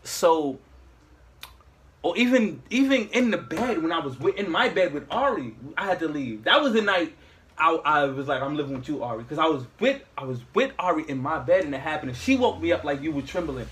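Young man, husky, higher pitched, casual slangy storytelling. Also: fairly quick. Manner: slangy, rambling, animated storyteller.

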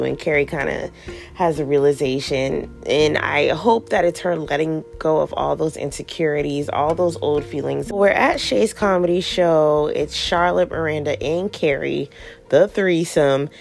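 A woman hosting a casual recap show, animated and sassy, acting out characters' lines in playful voices. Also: low voice, creaky. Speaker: podcast host recapping a TV show. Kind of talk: casual chat.

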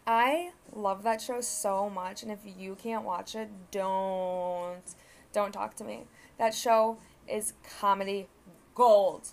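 A woman's voice: mid-range voice, creaky, a little hiss or hum. A young woman hosting a solo podcast, rambling through casual stories with lots of filler words and swearing. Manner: self-correcting, conversational storytelling. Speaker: podcast host.

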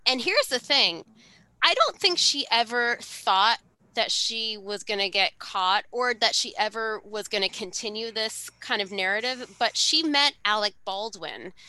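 Woman podcast co-host, very bright tone, dry close sound, chatty gossip storytelling. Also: mid-range voice, no echo. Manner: animated gossipy storytelling, quick asides. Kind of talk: casual chat.

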